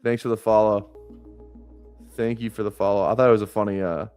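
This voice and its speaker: A man's voice: fairly low pitch, fairly even intonation, fairly quick, a little mellow, smooth, faint music behind. A man streaming fantasy football drafts live, chatting casually in a rambling way, swearing freely and chuckling often.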